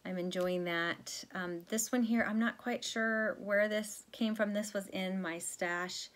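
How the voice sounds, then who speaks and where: A woman's voice: mid-range voice, steady tone, unhurried. A woman vlogger chatting casually to viewers about her cross-stitch threads, rambling with many fillers and self-corrections.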